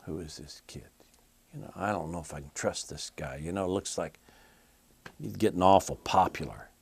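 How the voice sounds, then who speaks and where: A man voicing a jealous, suspicious king in a hushed, mistrustful mutter. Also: deep voice, moderate pace, gravelly, slightly rough, exaggerated voice.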